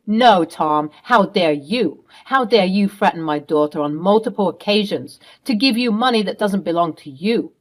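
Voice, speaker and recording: A woman's voice: mid-range voice, lively intonation, normal speed, natural voice. Woman reading as a fierce, accusing mother. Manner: firm, accusing, commanding. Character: fierce protective middle-aged mother.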